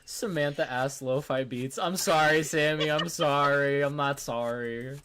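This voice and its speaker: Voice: medium pitch, a little slow, very noisy. A channel host in casual chat, joking around with crude humor and frequent giggles.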